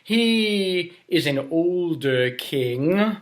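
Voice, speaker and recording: A man storyteller reading aloud for children, slow and unhurried. His pitch swoops widely, and he often invites the listeners to join in. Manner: animated, invites audience to repeat.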